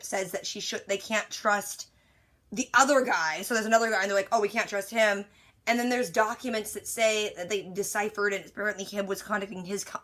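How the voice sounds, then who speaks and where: A woman's voice: medium pitch, fairly bright tone. A woman rambling through an exasperated, casual rant that recaps a movie, with lots of "like" fillers. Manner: exasperated, rambling, heavy use of "like". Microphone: device recording her side of a phone call.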